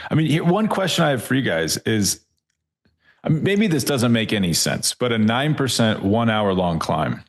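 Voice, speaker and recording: A man hosting a cycling podcast, brisk and conversational as he steers the discussion. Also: mid-range voice. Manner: brisk and conversational, leading the talk. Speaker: podcast host. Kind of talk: ad read and casual discussion.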